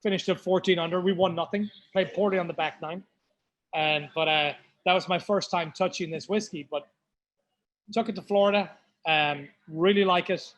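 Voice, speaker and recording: A man's voice: high-pitched, steady tone, normal speed, fairly bright tone, low-quality recording. A man from County Mayo with an Irish Mayo accent, hosting a whiskey tasting in a pub and chatting to the group with loose storytelling asides. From Ireland (County Mayo). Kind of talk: casual hosted tasting talk. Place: pub, live tasting event.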